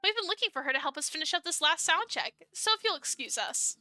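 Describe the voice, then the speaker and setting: A woman's voice: high voice, expressive, fast talker, bright, forceful tone, no echo, soft background music, pitched above the performer's own voice, full character voice. A woman voicing a composed, polite female friend in a dating game. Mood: calm. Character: poised, loyal female friend and helper.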